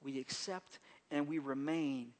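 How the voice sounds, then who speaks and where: A man preaches a Sunday sermon with a slightly high voice. He talks conversationally, repeating phrases and restarting sentences. His delivery swings between hushed, gentle stretches and raised, pleading emphasis. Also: steady tone, a little slow. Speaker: pastor. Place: church service.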